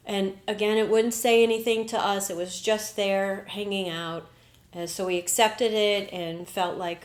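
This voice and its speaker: A woman's voice: mid-range voice, steady tone, normal speed. A woman hosting a spiritual podcast, talking in an earnest, reflective way and often slipping into quoted inner dialogue. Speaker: podcast host. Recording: roomy echo.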